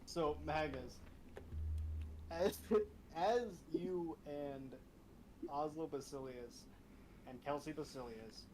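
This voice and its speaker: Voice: medium pitch, takes it slowly, pauses often, darkish tone, a little hiss or hum, poor audio. A game master narrating a tabletop game in a playful, laughing way.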